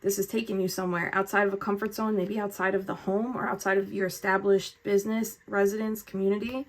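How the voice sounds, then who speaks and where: A woman talks through a tarot reading in a relaxed, chatty way. She is earnest and effusive, with a spiritual warmth to how she frames things for her audience. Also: mid-range voice, quick pace. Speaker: tarot reader. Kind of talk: casual spoken tarot reading.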